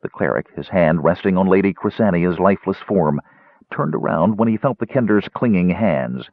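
A man reading an audiobook in scripted, expressive narration, on a tinny narrow-band recording. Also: deep voice, moderate pace, no echo.

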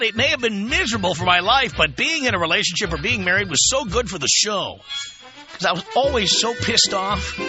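A man's voice: high-pitched, highs cut off. A man hosting a radio talk show, talking to listeners in a sardonic, profane, self-mocking monologue from a studio. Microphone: studio microphone.

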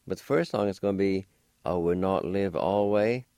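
A middle-aged man hosts a radio language lesson, spelling out each word letter by letter. His voice sits very low and mellow, and he takes his time. The sound is close and dry, as from a radio studio. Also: dry recording. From Oklahoma. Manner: slow, deliberate, spells and sounds out words syllable by syllable. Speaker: radio host teaching vocabulary.

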